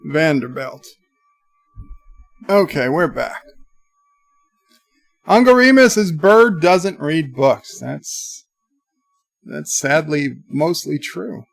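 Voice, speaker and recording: A man hosting a livestream, reading viewer chat comments aloud in a chatty, halting way. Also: on the high side, animated, gravelly, soft background music. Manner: chatty, halting, with many restarts. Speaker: livestream host.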